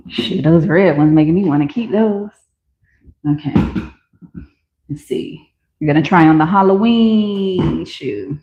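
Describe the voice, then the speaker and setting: A woman vlogger talking casually and enthusiastically to viewers while she tries on and sells shoes. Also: on the low side. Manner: chatty and enthusiastic, talks to viewers. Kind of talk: casual shop-with-me commentary. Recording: roomy, slightly dull home recording.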